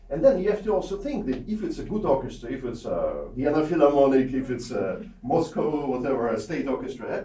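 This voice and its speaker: A man's voice: medium pitch, very animated, brisk, few pauses, warm tone, slight background noise. A man coaching a piano masterclass. He sings rhythms aloud and keeps checking in with "yeah?". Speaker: piano teacher giving a masterclass. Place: small room with a large piano. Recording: echoey room, heard from far off.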